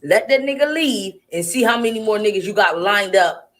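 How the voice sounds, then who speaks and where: A woman's voice: mid-range voice, lively intonation, normal speed. A woman giving blunt, scolding commentary while reacting to a video with a co-host.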